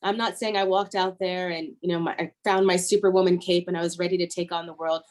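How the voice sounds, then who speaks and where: Earnest low-voiced woman telling her story. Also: little pitch movement, fast talker. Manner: earnest, repeats key phrases for emphasis. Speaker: airline first officer, guest. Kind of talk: personal story in an interview.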